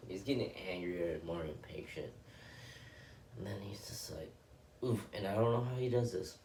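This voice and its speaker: In a warm, low voice that moves a little fast, a man shares a story and muses on it earnestly and loosely, in the casual reflective style of a self-help speaker. He sounds far off in an echoey space with faint background ambience and slight hiss or hum.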